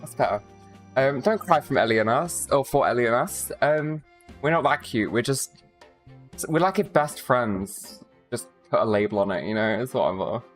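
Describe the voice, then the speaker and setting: A woman's voice: rumbling low, expressive, normal speed, faint music behind. A woman streaming a video game, chatting casually and rambling with her viewers, often swearing. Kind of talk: casual live-stream chat.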